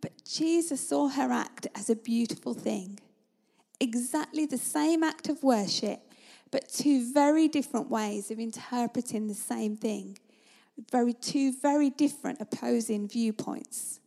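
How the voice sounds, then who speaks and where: A woman preaching a sermon in a conversational, storytelling manner, at times dropping to a hush. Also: a little high, a little slow, vocal fry. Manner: conversational, vivid storytelling, sometimes drops to a hush.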